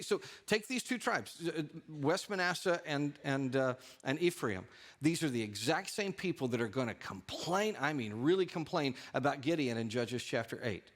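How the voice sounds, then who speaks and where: A male pastor preaching a sermon in a church, talking animatedly and lifting his voice for asides and quoted lines. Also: on the high side. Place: church sanctuary.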